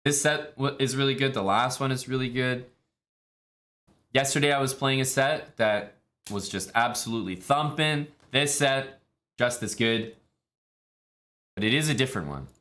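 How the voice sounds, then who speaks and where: A man from Canada, streaming chess in a relaxed, chatty way with many fillers. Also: medium pitch, normal speed, pauses often. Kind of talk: casual live-stream commentary.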